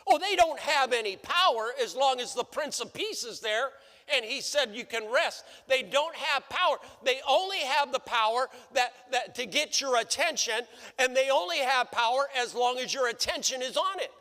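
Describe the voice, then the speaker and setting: Male pastor, very high bright voice, unhurried sermon delivery, long church reverb. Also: expressive. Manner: preaching with repeated rhetorical questions. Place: church sanctuary.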